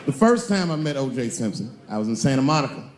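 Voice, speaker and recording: A man in his forties doing stand-up comedy on a stage, animated, shouting punchlines and acting out voices. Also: medium pitch, quick pace, roomy sound, slight background noise. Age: 40s. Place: comedy stage before a live audience.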